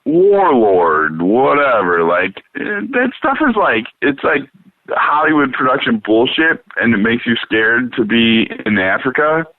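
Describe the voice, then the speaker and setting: A man hosting a talk show in loose, profane casual chat, rambling and animated. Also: medium pitch, measured pace, dry recording. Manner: rambling, swears a lot, animated. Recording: dry, phone-like radio sound.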